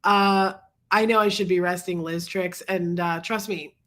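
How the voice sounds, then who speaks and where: A woman's voice: fairly even intonation, measured pace, fairly bright tone. A sick, congested woman hosting a casual livestream, chatting and greeting viewers by name between coughs. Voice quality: low husky sick voice. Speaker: livestream host.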